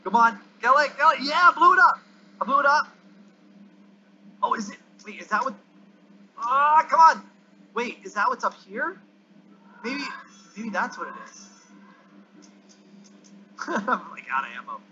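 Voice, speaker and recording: A high-pitched male gamer with a bright, sharp voice commenting on his play. He is excitable, yelping and groaning as things go wrong. The recording is dull and lo-fi with a faint hiss underneath. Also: unhurried, long pauses. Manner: excitable, yelps and groans at the game.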